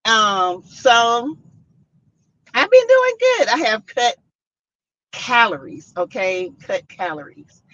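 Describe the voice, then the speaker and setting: A woman's voice: fairly high pitch, very animated, takes it slowly, pauses often, a bit bright, no echo. A middle-aged woman, hosting a casual livestream and chatting while greeting her viewers by name. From South Carolina. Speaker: livestream host. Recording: dull lo-fi livestream audio.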